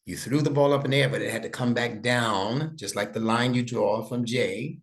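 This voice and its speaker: A man's voice: medium pitch, moderate pace, gravelly. A middle-aged man tutoring a young student one-on-one, explaining patiently step by step and checking that he is understood. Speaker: Arabic instructor and imam.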